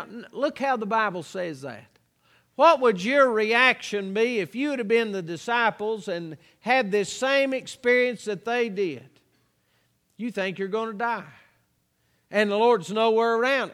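A preacher with a very high voice, speaking at an unhurried, deliberate pace. He draws out each verse and drops in homespun asides, and his words ring with a long reverb in a church sanctuary. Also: a bit bright. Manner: slow drawn-out scripture reading, folksy asides. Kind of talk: sermon.

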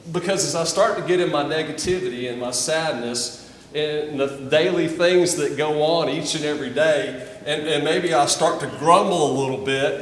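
A man's voice: a little high, slight background noise. Male pastor, earnest sermon delivery with repeated starts; recorded from far back in a roomy hall. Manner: earnest, repeats words when starting phrases. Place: church sanctuary.

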